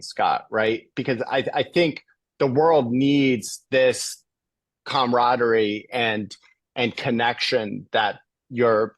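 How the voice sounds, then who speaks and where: A man as an interview guest, telling a story in an animated, emphatic way over a video call. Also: medium pitch, no room sound. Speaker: guest speaker.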